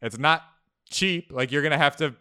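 A man's voice: a little high, bright, forceful tone, smooth. A man co-hosting a fantasy football podcast as the numbers-minded analyst, speaking casually and with a wry edge. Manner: wry, quick quips, data-minded. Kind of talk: casual sports chat.

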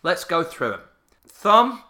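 A man in casual comic podcast chat, teasing his co-host. His bright voice sits a bit high and swings widely in pitch. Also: fairly quick. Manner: playful, teasing, animated.

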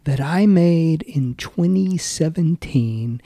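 A man's voice: fairly high pitch, animated, slow, mellow, dry recording, clean studio sound. A man hosting an interview, asking curious, short probing questions. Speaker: interview host. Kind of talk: conversational interview.

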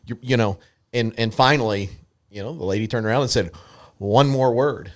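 A man's voice: lowish voice, quick pace. A man in casual chat, telling a story with many halts and restarts.

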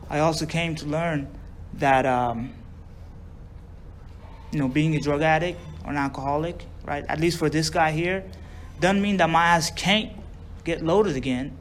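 Telling a long recovery story to a group, a man with a drawl speaks in a loose, profane way and acts out what others said to him. His voice is on the high side, with slight background noise.

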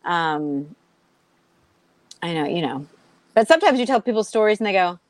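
The recording is dry, and her fairly low-pitched voice keeps a moderate pace. This young woman, a comedian from Massachusetts with a Boston-area American accent, is chatting casually as an interview guest, delivering sarcastic tales with lively impressions of the people involved.

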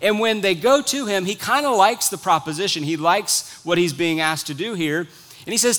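A man's voice: high-pitched, lively intonation, moderate pace, fairly bright tone. A man preaching a sermon, retelling a story earnestly before exhorting his listeners. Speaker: pastor.

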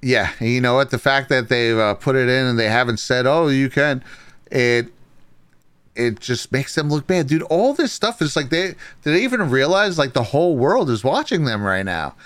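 Give me a chatty male livestream host with a crisp voice, tossing off casual remarks between viewer comments. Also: medium pitch, lively intonation, normal speed, a bit bright, dry recording. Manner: chatty, laughs often, says dude a lot. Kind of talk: casual political chat.

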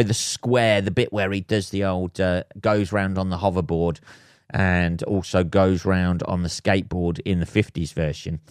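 A man hosting a solo comedy podcast, rambling and swearing with deadpan asides. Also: sits low, smooth, no room sound, clean studio sound. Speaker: podcast host.

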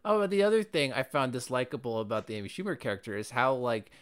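A co-host in casual chat about a movie, talking fast and opinionated, with many fillers. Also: medium pitch, expressive, smooth. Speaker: podcast co-host.

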